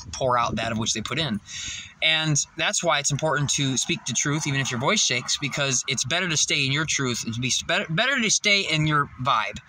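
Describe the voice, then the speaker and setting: A man's voice: a little high, sharp tone, slight background noise, poor audio. A man telling a rambling, profane story in a casual vlog, out of breath and laughing often. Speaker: vlogger.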